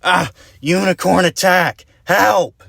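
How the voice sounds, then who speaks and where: A man voicing a jumpy young male pony lighthouse keeper who shrieks high when scared. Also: expressive, slow, pushed and bright, no room sound, studio quality, exaggerated voice. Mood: panicked. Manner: panicky high-pitched screaming when scared.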